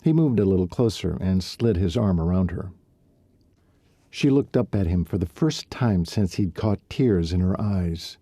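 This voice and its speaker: Male audiobook narrator, calm and even; dark, breathy timbre, low register. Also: dry recording, studio quality. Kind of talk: audiobook narration of a romance novel.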